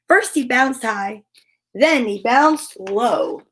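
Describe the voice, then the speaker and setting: A woman's voice: a little high, expressive, takes it slowly, a bit bright. A woman reading a children's picture book aloud, with playful, chatty asides to her listeners. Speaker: children's story reader.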